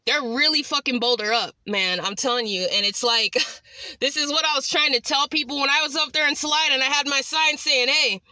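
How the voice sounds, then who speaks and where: Woman vlogging, high bright voice, rambling on and on, repeats herself, dry close sound. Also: a little fast, dry recording. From California. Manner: rambling, repetitive, agitated. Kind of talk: casual talking-to-camera vlog update.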